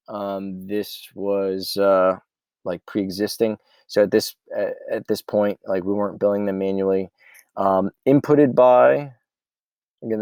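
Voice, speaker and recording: A low, gravelly man talks through his ordering spreadsheet in a rambling, offhand way. His voice is dark and mellow, and the sound is dry and close. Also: dry recording. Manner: rambling and offhand, thinking aloud. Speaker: meal prep business owner. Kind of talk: casual software walkthrough.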